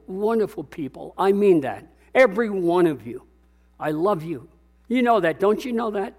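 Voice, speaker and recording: A man's voice: sits high, animated, normal speed. An older man preaching a sermon as pastor, emphatic and repetitive, calling out to his congregation.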